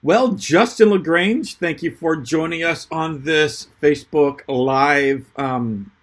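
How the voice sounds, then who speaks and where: A man's voice: a little high, slow pace. A man, a pastor, hosting a casual live-stream chat, upbeat and laughing often, with plenty of ums.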